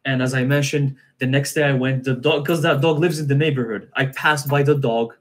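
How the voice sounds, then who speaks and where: A man's voice: mid-range voice, fairly even intonation, brisk. Guy guesting on a live stream, tells his story all earnest, keeps restarting and repeating bits.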